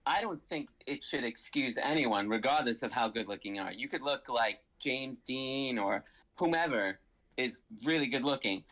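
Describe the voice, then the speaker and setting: A participant in a casual book discussion, talking earnestly with a slightly halting delivery. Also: medium pitch, animated, fairly bright tone.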